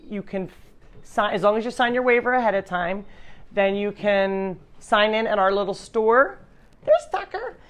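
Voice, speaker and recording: Chatty woman hosting a live stream. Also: mid-range voice. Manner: chatty, rambling with restarts. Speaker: animal sanctuary host. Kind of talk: casual live-stream chat.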